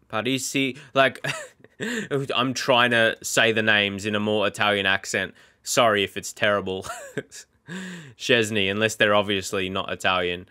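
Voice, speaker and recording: A young man chatting casually while he plays a football management game, rambling with many fillers and getting excited at big moments. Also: medium pitch. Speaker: gaming YouTuber. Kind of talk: casual Let's Play commentary.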